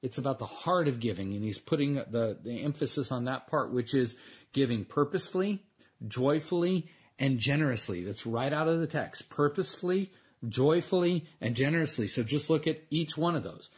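A man with a husky, slightly breathy voice preaches an earnest sermon. He speaks in a conversational way and often restarts his phrases. His pitch sits in an ordinary middle range for a man. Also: animated, brisk. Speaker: pastor.

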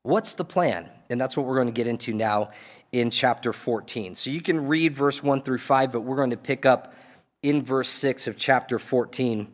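A man's voice: medium pitch, normal speed. Casual-talking preacher man in a hall. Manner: casual storytelling preaching with asides. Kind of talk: sermon.

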